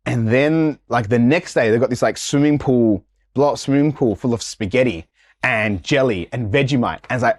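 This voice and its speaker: A man, a guest in a casual interview, telling stories in a slangy, animated way and acting out the voices of people in them. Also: mid-range voice, normal speed, no room sound, studio quality.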